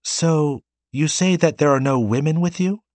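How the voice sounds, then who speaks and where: Guy doing a childlike virtual girl voice, weepy and gushing, big swoopy pitch. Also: big pitch swings, moderate pace, a little mellow, dry recording. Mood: surprised. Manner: high, gushing and tearful.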